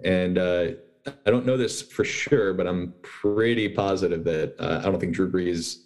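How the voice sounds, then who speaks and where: A man with a very deep voice joins a sports podcast as a guest writer. He explains his points in a relaxed, easygoing way, leaning on lots of filler words as he goes. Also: unhurried. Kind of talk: casual sports talk.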